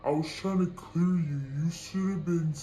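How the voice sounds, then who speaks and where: A woman voicing a defensive, grumbling male truck driver who insists slowly and flatly that he is in the right. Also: on the low side, reverberant, slight background noise, pitched below the performer's own voice, close to an everyday voice, poor audio.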